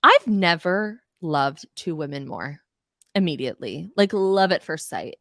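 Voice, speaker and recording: A woman's voice: deep voice, big pitch swings, a little slow, fairly bright tone, dry recording, clean studio sound. A woman hosting a podcast, ranting bluntly and profanely in a casual recap of reality TV. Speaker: podcast host.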